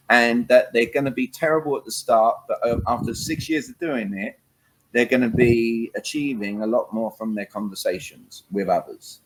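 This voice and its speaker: A man's voice: medium pitch, poor audio. A man, a communication coach, talking animatedly in an interview and acting out phone calls. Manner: lively, acts out phone calls, emphatic. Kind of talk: animated interview talk with acted examples.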